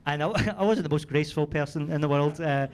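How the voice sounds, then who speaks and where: Scottish male comedian, thirties, high-pitched, chatty storytelling, noisy live club. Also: brisk. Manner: chatty storytelling with frequent "right?" tags, swearing. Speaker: stand-up comedian. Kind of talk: stand-up comedy set. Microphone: handheld stage mic.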